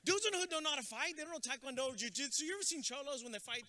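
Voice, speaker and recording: Male motivational speaker, bright, piercing tone, energetic comic storyteller. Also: extremely high pitch, very fast. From Texas. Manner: energetic storytelling, mixes in Spanish words. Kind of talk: comedic commencement speech. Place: outdoor graduation ceremony with stands.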